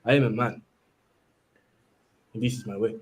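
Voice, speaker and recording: A man doing a solemn African warrior figure as an accent demonstration, slow and measured. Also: lowish voice, steady tone, husky, pitched below the performer's own voice.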